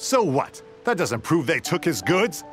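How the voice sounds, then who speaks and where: A man's voice: a little high, sing-song, a little slow, faint music behind. An actor voicing a blunt, distrustful male soldier in a video game who dismisses others' claims. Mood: scornful.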